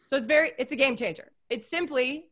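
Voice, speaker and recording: Guest: bubbly woman, a touch high, chatty and effusive, sprinkles fillers everywhere. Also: quick pace, fairly bright tone. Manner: gushing, upbeat, heavy use of "like" and "you guys". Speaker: podcast guest. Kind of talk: casual interview chat.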